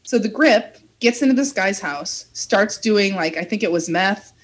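A young woman in the middle of a story on a casual chat show. She talks in a lively, animated way, acts out everyone's lines and swears freely, with a voice of middling pitch. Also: a little slow, a little hiss or hum. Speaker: podcast host telling a story.

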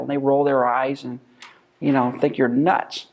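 A man's voice: fairly high pitch, lively intonation, moderate pace, long pauses. A man teaching a church Bible class, emphatic and full of rhetorical questions.

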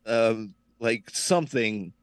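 A man's voice: lowish voice, animated, takes it slowly, dry recording. A man co-hosting a podcast, chatting with snarky, profane jokes. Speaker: podcast co-host. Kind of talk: casual chat.

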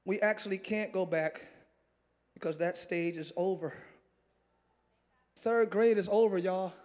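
A man pastor preaching a lively sermon, swinging between loud shouted lines and quiet joking asides with the congregation, breaking into ecstatic exclamations. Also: sits high, measured pace. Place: large church sanctuary with congregation.

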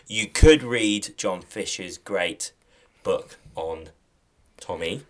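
A man's voice: low voice, animated, takes it slowly. A man hosting a podcast in casual chat, enthusiastically recommending shows. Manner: enthusiastic, plugging TV picks. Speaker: podcast host.

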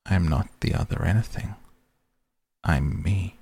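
A man's voice: low-pitched, vocal fry, a little mellow, breathy edge, heavily acted. A man doing a dry, aloof talking cat. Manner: dry, unhurried, superior.

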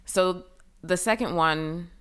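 A young woman telling a personal story as a guest in a casual chat, full of fillers and lively retelling. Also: lowish voice, slow pace, clean tone. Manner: chatty, filler-heavy, animated retelling.

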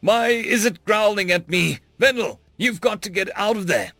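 A jittery, stammering alien starship captain, as a male narrator puts him on, his voice pushed up high and wobbling all over the place. He talks in halting bursts, tripping over his words in a sci-fi audiobook. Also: lively intonation, pushed and bright, no room sound, soft background music, full character voice. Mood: frightened.

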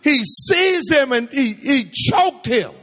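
A preacher with a very high, fairly bright voice speaks slowly, his pitch swinging widely. He leads his church sermon with call-and-response and repeated phrases for emphasis, all ringing through an echoey hall with long reverb.

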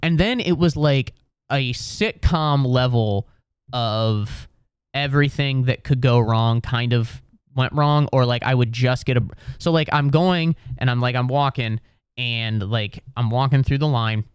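A young American man tells a comedic story, rambling and sarcastic, piling on fillers and restarts. His voice is smooth and sits mid-range. The sound is dry and close on a podcast mic. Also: medium pitch, measured pace, no room sound.

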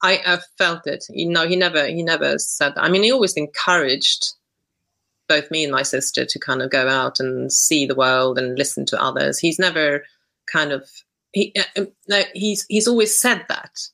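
Low, gravelly-voiced woman guest; crisp bright tone; hesitant, reflective talker. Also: moderate pace, rough recording. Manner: hesitant, thinks aloud with many restarts. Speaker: podcast guest. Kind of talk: reflective conversational interview.

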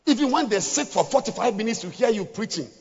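A man preaching a sermon to pastors, dropping to hushed scripture reading and rising to shouted exhortation. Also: high-pitched, animated, fast talker, breathy edge. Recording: lo-fi with long hall reverb.

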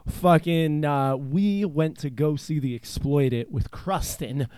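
A man's voice: a little high, slow, a little mellow, clean tone, dry recording. A man from eastern Pennsylvania hosting a casual chat show, telling stories in a rambling, profane way with lots of filler words. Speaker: podcast host.

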